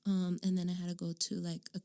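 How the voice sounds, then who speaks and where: A woman's voice: on the low side, monotone, fast talker, creaky, warm tone. A woman in her thirties from Arizona, candidly telling her life story in an interview, with lots of "um" and "like". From Arizona, United States. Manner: candid, frequent "um" and "like". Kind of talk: personal storytelling.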